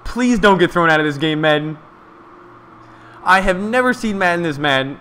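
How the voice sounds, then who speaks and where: Bright high-voiced man doing excited play-by-play. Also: normal speed, a little hiss or hum. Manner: excited, chatty, talks to viewers. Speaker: live game commentator. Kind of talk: casual play-by-play from a stream.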